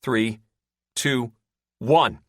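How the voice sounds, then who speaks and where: A man voicing a tense, profane male fighter-jet weapons officer who shouts over the comm in an audiobook. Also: medium pitch, extremely slow, no room sound, studio quality, pitched above the performer's own voice. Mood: counting down. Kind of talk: audiobook character voice.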